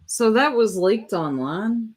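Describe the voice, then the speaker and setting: A woman's voice: a little high, lively intonation, slow, music in the background. A woman hosting a casual live reaction stream, chatting and talking straight to her viewers. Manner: chatty, addresses viewers directly.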